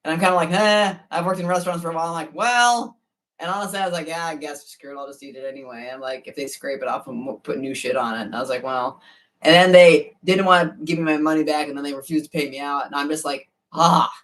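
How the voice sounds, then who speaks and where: A woman in a relaxed, casual chat about her eating challenges. She wanders through her stories, trailing off and picking back up. Her voice sits a little away from the microphone. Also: deep voice, fast, recorded from a distance. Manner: relaxed, rambling storytelling with fillers. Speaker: competitive eater.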